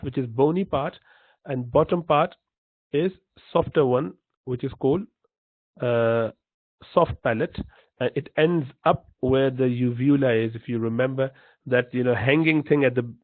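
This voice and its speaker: A man teaching pronunciation in a slow, patient lesson, repeating each sound to demonstrate it. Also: on the high side, dry recording. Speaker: Quran recitation teacher. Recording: dry, tinny phone-like line.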